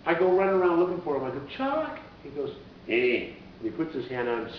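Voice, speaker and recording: A man's voice: expressive, rapid-fire. A man, a radio DJ and musician, telling stories in a rambling, casual way as an interview guest. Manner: rambling, acts out voices in quotes. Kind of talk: casual conversational storytelling. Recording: echoey, dull, distant with low rumble.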